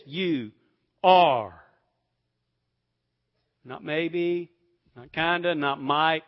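A high-pitched man delivers a sermon with slow, deliberate pacing. He swings between loud, emphatic bursts and hushed, almost whispered lines. The recording sounds slightly dull. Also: very animated. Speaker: pastor.

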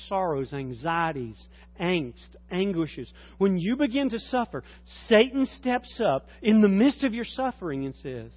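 A man preaching a sermon as a pastor, swinging from low, quiet passages to loud, high-pitched exclamations. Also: husky. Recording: dull lo-fi recording.

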